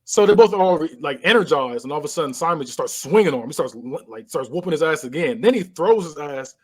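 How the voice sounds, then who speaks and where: A podcast co-host with a slightly high, husky voice talks fast and animatedly in a casual movie recap chat. He retells a film scene by scene, adding sound effects and laughter.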